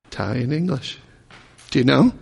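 Man, pastor, gravelly voice, slow delivery, sermon in a reverberant church hall. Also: medium pitch, animated, a little mellow, a little hiss or hum. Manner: slow, repeats congregation answers aloud. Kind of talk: sermon with audience call-and-response.

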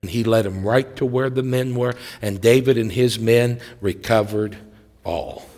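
A man preaching a sermon, telling the story with acted-out voices and swinging between loud, excited passages and hushed ones. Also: mid-range voice, unhurried. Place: church sanctuary. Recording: long hall reverb.

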